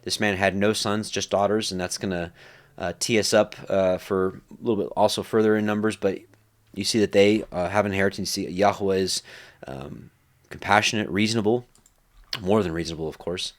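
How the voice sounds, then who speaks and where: A man's voice: deep voice, fairly even intonation, brisk. A man leading a Bible study in a casual, conversational way, full of fillers and acted-out quotes. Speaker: Bible teacher.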